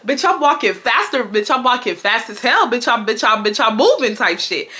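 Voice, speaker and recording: Young woman from houston spilling a storytime, bright sharp voice, slangy and cussing, shrieks up high when she acts stuff out. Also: normal speed. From Houston, Texas. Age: 20s. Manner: animated, slangy, swears often, jumps into high shrieks when quoting. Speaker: storytime vlogger. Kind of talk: casual storytelling to camera.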